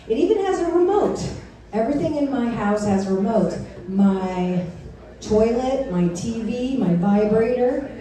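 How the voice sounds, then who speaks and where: Laughing at her own punchlines, a woman with a medium-pitched, dark voice runs through a bawdy club set, voicing both sides of each story. She sounds distant, heard through the heavy echo of the club.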